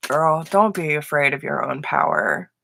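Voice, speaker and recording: A woman's voice: low-pitched, very animated, measured pace, gravelly, pushed and bright. A woman giving live tarot readings, affectionate and emotional, laughing often. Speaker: tarot reader.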